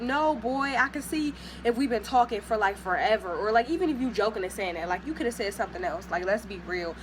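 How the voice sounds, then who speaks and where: A young woman vlogger telling a casual story, animated and sassy, mimicking the people she talks about. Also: on the high side, slight background noise.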